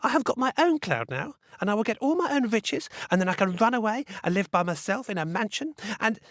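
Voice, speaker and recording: A man's voice: high voice, wildly swooping pitch, moderate pace, no room sound, clean studio sound, pitched above the performer's own voice, heavily acted. A man voicing a mean, bad-tempered girl who is jealous and greedy, talking in a sneering, bratty way.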